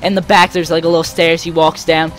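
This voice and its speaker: This young let's play host talks briskly in a voice on the high side, with faint music behind him. Rambling with lots of energy, he tells a story over gameplay and acts out its characters.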